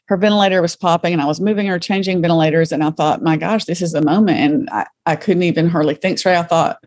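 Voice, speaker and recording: Speaking fast in a lowish, steady, darkish voice, a middle-aged woman shares her story as a podcast guest. She is earnest and compassionate, grounding her vivid retelling in her faith.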